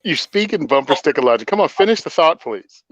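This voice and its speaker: A man's voice: on the high side, sing-song, a little fast, fairly bright tone, dry recording, lo-fi sound. A man hosting a casual political chat, blunt and sarcastic, often laughing at his own points. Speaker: podcast host.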